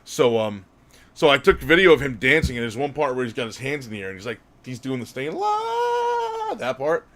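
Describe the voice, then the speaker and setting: A man co-hosting a podcast rambles through a casual anecdote, frequently correcting himself and chuckling. His medium-pitched voice swoops wildly up and down, a bit bright and fairly quick.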